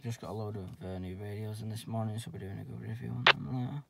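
Slangy radio hobbyist. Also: male voice, on the low side, steady tone, fast talker, gravelly, a little hiss or hum. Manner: slangy, uses radio jargon, talks loudly when keying up. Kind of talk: casual radio chat with commentary. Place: outdoors on a wooded hill. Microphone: handheld radio and camera mic.

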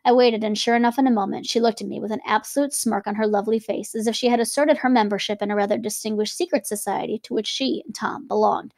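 A young woman reading a novel aloud and breaking off now and then for chatty, lively comments about it. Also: on the high side, fast, few pauses, no room sound, clean studio sound. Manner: lively, switching between reading and chatty asides. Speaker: reader and teacher.

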